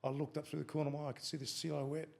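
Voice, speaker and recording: A middle-aged Australian man, a former fighter, tells a story as a guest on a podcast, swearing freely and acting out quotes in casual storytelling. His voice is a little high and gravelly, with little pitch movement, and he talks very fast.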